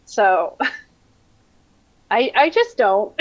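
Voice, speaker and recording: A woman's voice: medium pitch, sing-song, extremely slow, muffled recording. A woman on a convention panel, chatting candidly and mocking herself with a laugh. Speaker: panelist and player. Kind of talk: casual panel chat.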